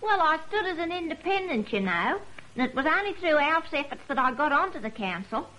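A woman's voice: high voice, sing-song, fairly quick, pushed and bright, slight background noise, full character voice, poor audio. An actress playing a cheerful, ambitious country woman on the council in a vintage radio serial. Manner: eager, naive, chatty.

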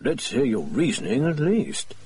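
A man's voice: mid-range voice, sing-song, moderate pace, warm tone, breathy edge. A man voicing a bluff, easily baffled Victorian male doctor who splutters and exclaims. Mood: curious.

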